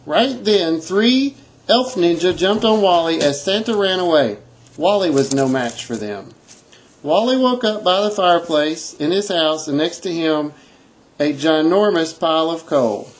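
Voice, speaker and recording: Animated woman reading a story aloud. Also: lowish voice, a little slow, slight background noise, poor audio.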